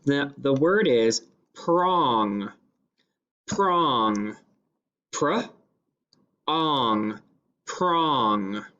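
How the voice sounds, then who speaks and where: Male teacher sounding out words super slow for kids, bouncy pitch, kinda muffled audio. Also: very animated. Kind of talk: phonics lesson for children. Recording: slightly dull lo-fi classroom recording.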